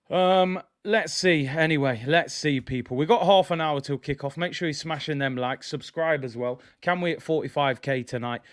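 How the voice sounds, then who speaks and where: An excitable young man hosts a live football watch-along, talking straight to his viewers in heavy slang. His voice sits a little high for a man. The sound is dry and close, with no room around it. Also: no echo. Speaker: football fan channel host.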